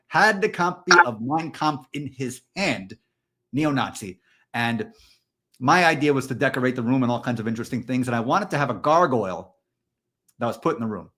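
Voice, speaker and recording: A man co-hosting a candid podcast conversation, telling stories in a loose, animated way with plenty of fillers. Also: medium pitch. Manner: storytelling, animated, frequent fillers. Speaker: podcast co-host.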